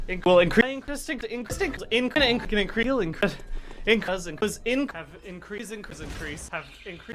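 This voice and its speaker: An animated man speaks in a rapid string of chopped-up single-word clips. His delivery lurches between loud bursts and quiet mutters, set over clear background music. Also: high-pitched. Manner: animated, jumpy delivery shifting loud and soft. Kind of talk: rapid supercut of clipped single words.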